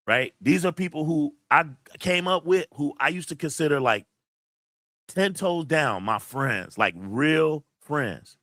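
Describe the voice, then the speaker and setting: A channel host venting to his camera, emotional and near tears, blunt and full of profanity. His voice sits at an ordinary middle pitch. The sound is dry, with no room echo. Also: bright, forceful tone. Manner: emotional, blunt and profane, reading chat messages aloud. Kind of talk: casual livestream venting to camera.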